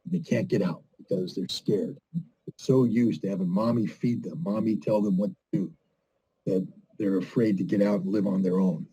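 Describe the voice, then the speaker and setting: A man's voice: on the low side, mellow, slightly rough, low-quality recording. A man giving emphatic, scornful political commentary, firing off rhetorical questions as a guest in a conversation. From United States.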